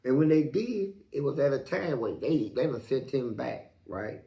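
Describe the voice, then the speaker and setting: Gravelly guy telling wild prison stories, does all the voices, cusses a lot, roomy echo. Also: moderate pace, lo-fi sound. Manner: animated, acts out quotes with big jumps in pitch; profane street slang. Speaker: interview guest. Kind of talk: storytelling in an interview.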